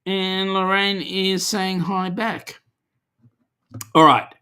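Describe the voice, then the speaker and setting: A man's voice: sits high, fairly even intonation, very slow, pushed and bright, clear, resonant tone. Man, Australian accent, livestream host, reads chat comments, casual, chatty, filler words. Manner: chatty and easygoing, with many ums and slang.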